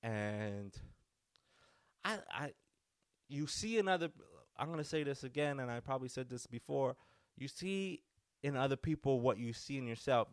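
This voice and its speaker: A man's voice: mid-range voice, smooth, no echo. Rambling male podcast host, dry sound. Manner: rambling, animated, with many restarts. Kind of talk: casual storytelling.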